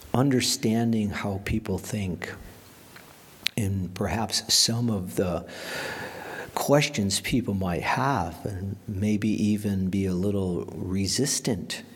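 A man's voice: on the low side, takes it slowly, pauses often, husky. A man preaching a sermon as pastor, emphatic, dropping to a whisper for quoted lines.

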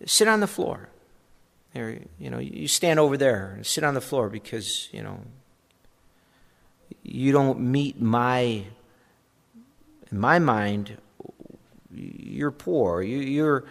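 A man preaching a sermon as pastor, talking in a conversational way and animated with asides. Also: medium pitch, gravelly, big-room sound.

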